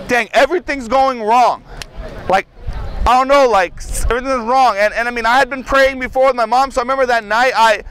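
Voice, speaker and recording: A man's voice: extremely high pitch, bright, forceful tone, smooth, low-quality recording. A young man telling his personal testimony outdoors in a casual, rambling way, full of "like" and "you know.". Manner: casual, filler-heavy with frequent "like" and "you know". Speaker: testimony speaker at outdoor worship.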